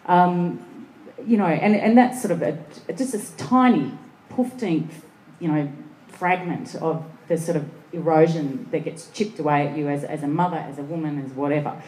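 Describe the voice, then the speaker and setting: A woman on a discussion panel, telling lively anecdotes and acting out the voices of the people in them. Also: sits low, normal speed, reverberant, a little hiss or hum, poor audio. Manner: animated anecdotes, acts out voices.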